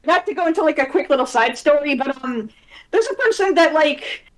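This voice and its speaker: Woman co-hosting, rambly casual talk, kinda high voice. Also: lively intonation, a little fast, rough recording. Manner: rambling, lots of filler words. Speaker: guest co-host. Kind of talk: casual chat.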